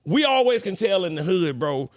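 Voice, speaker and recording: A man hosting a podcast, talking in a casual, profane, animated way. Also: high voice, moderate pace, dry recording, studio quality. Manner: loud, profane, animated storyteller. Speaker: podcast host. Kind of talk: casual chat.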